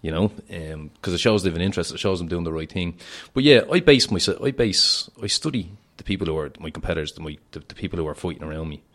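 A man's voice: deep voice, expressive, fast, few pauses, fairly bright tone. A young Irish man, a fighter, chatting brashly on a podcast, boastful and laughing often. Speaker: fighter guest. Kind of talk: casual podcast chat.

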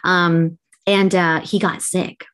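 A woman's voice: on the low side, level tone, slow, a bit bright. A woman from Canada co-hosting a podcast, telling a story in casual chat, swearing freely and laughing often. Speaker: podcast co-host.

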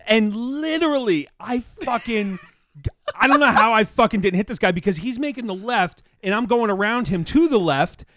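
A man co-hosting a casual podcast, blunt and profane, telling stories with animated energy. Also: high voice, moderate pace, no room sound, studio quality. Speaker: podcast co-host.

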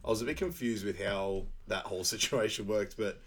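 Laughing, rambling podcast host. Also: male voice, fairly low pitch, a little fast, over a noisy crowd. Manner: rambling, laughs often, animated when quoting lines. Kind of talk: casual movie recap chat.

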